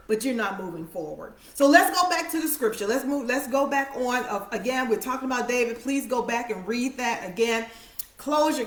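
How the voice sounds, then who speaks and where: A woman preacher delivering a sermon, repeating lines for emphasis and dropping to soft, quiet phrases. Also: a little high. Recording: echoey room.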